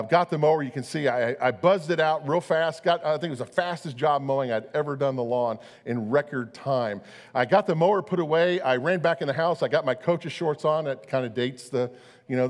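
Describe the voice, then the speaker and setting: A middle-aged man preaching a sermon, chatty and storytelling, often repeating his words. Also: medium pitch. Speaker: pastor. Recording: long hall reverb.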